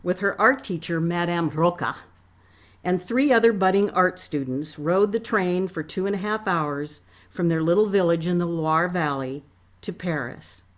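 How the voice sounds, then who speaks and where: A woman author reading her novel aloud in a measured, expressive way. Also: on the low side.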